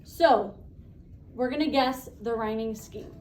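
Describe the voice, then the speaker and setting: A woman teacher leading a classroom lesson, brisk and encouraging, asking the class questions. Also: a little high, a little mellow, roomy sound, distant mic, a little hiss or hum, low-quality recording.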